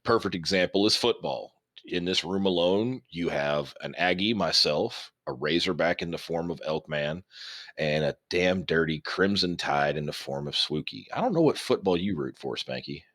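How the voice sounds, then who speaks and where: Low voiced texas guy rambling on a podcast, swears a lot, dry close sound. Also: animated, normal speed, a bit bright, no room sound. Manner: rambling, swears a lot, history buff lecturing. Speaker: podcast co-host. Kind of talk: casual chat.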